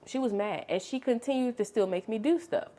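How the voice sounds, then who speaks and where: A young adult woman vlogger telling a story in casual, chatty storytime style. She is expressive and animated, and she calls the listener honey and girl. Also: fairly high pitch, fairly quick. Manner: animated, expressive storytelling with sharp swings in loudness.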